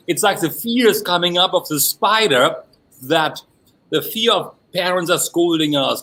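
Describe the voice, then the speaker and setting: A man with a German accent giving a lively workshop talk as a mind coach, often repeating the same filler phrase. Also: high voice, rough recording. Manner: animated, repeats filler phrase "along that line". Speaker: NLP trainer and coach. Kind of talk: workshop presentation.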